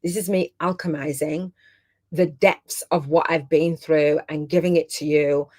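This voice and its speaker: A woman's voice: low voice, steady tone, unhurried, darkish tone. A middle-aged woman hosting a live online masterclass. She is heartfelt and chatty, and close to tears at times. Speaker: host and business coach.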